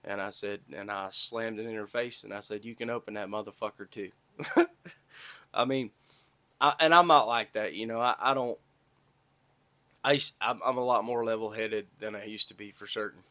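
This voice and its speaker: A man's voice: fairly low pitch, moderate pace, long pauses, pushed and bright. A man from north Florida with a Southern accent, hosting a podcast in a rambling, profane, blunt monologue. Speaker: podcast host. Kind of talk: casual monologue.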